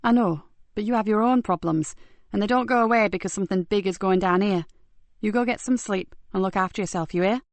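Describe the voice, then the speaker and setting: A woman's voice: mid-range voice, brisk, no room sound, lightly acted. A woman voicing a fierce, driven female police inspector in an audiobook, talking sharply and bluntly. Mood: sharp, brisk. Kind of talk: audiobook character voice.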